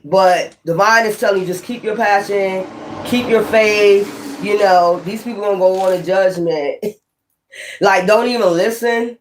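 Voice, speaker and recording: Tarot reader, casual reading, streetwise slang, swears a lot, repeats points, mid-pitched voice. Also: a little hiss or hum. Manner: rambling, profane, streetwise slang.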